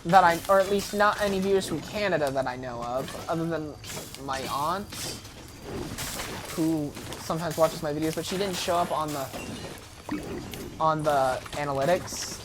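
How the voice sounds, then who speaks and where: A woman's voice: sits low, normal speed, noisy background. An American woman giving casual, rambling gameplay commentary full of ums and restarts. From United States. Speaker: gaming YouTuber.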